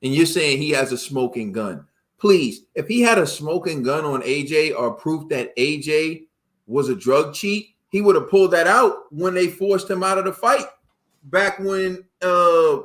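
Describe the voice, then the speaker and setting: A man's voice: fairly high pitch, normal speed, a bit bright. Man arguing boxing takes. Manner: argumentative, rhetorical questions. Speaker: podcast host. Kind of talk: casual boxing chat.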